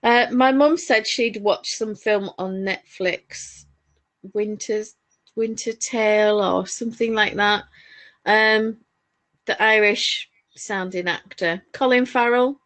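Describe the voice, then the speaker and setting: A woman with a Northern English accent co-hosts a knitting podcast, chatting casually while she knits. Her voice is medium-pitched, slow-paced and a bit bright, and she tells stories full of rambling asides.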